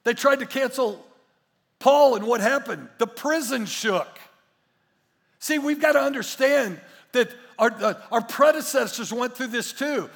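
A man preaching a sermon as pastor, emphatic and repetitive, swinging between hushed asides and loud declarations. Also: very high-pitched, unhurried, creaky, in a large hall.

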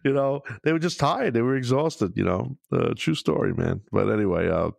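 A man's voice: mid-range voice, animated, normal speed, vocal fry, dry recording, clean studio sound. A man, hosting a podcast in a rambling, profane monologue. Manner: profane, rambling, with frequent restarts; puts on mocking voices of fans. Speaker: podcast host. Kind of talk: casual monologue.

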